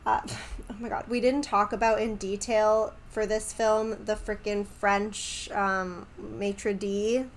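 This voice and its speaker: A woman's voice: mid-range voice, level tone, slow pace. A woman co-hosting a podcast, chatting bluntly about films and swearing for emphasis. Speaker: podcast co-host. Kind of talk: casual film discussion.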